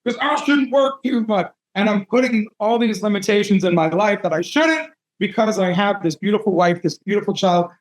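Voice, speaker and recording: A man's voice: sits high, rough recording. A man, a tattoo artist in his thirties, telling a candid, profane and self-mocking story in an interview.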